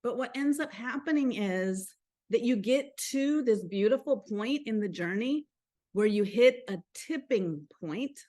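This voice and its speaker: A woman with a Southern US accent hosts a live motivational stream in a fairly high voice. She is chatty and upbeat and keeps turning to her viewers with questions. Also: animated, unhurried, mellow. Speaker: host.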